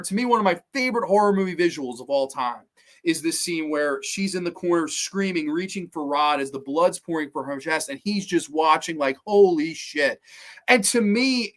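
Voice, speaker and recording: Guy with a slightly high voice rambling excitedly about horror, swears a lot, casual countdown talk. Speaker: horror movie show host.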